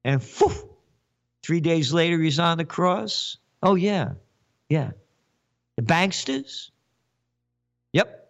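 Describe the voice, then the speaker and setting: A man's voice: a little high, animated, slow pace, long pauses, lo-fi sound. A man hosting a commentary show, ranting sarcastically with mocking asides and wordplay. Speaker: host.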